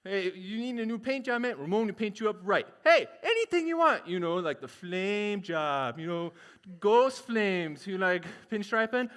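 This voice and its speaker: A man's voice: high voice, animated, moderate pace, fairly bright tone, clean tone. A man voicing a laid-back car who runs a paint shop, with a salesman's patter. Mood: salesy. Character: smooth-talking lowrider painter car.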